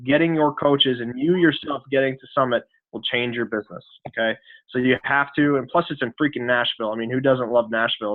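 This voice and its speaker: A man in his thirties talks over a tinny phone line, earnest and casual, full of "you know" fillers. He shares his story as a coach on a team call. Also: mid-range voice. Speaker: guest speaker, fitness coach. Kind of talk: motivational talk on a team call.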